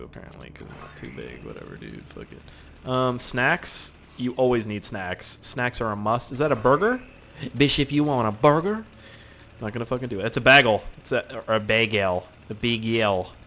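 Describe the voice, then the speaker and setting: A young man giving let's play commentary, excitable and profane, yelling at the game. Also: mid-range voice, normal speed, vocal fry, slight background noise. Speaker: gaming youtuber.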